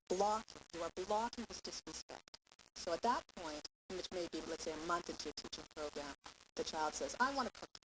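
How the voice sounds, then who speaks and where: A woman teaching a parenting class in an animated, explanatory way, checking in with "okay" often. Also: fairly low pitch. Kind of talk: lecture. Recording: hissy amateur recording.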